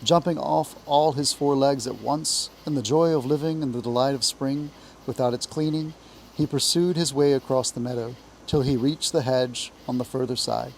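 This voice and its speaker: A man from Appalachia with an Appalachian accent, reading a classic children's book aloud in a measured, expressive way. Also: mid-range voice, creaky, slight background noise, low-quality recording. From Appalachia, US South. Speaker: reader, teacher.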